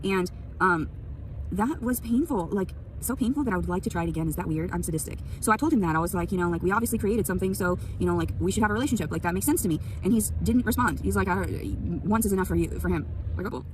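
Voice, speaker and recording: A young woman in a rambling, profane venting monologue, swinging between loud anger and quiet sadness, recorded on a phone. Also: medium pitch, quick pace, distant mic, background noise. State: sleepy.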